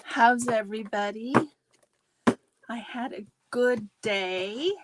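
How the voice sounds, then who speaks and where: A woman hosts a relaxed livestream, chatting easily and greeting viewers one by one. Her voice sits a little high, and she takes her time with each phrase. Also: slow pace, heavy background noise. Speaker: livestream host. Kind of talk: casual livestream chat.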